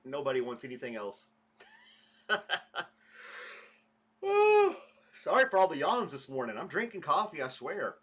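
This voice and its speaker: A man's voice: fairly high pitch, huge pitch swings, measured pace, pauses often, a bit bright. A man hosting a casual morning livestream podcast, rambling chattily and greeting viewers by name. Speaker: podcast host.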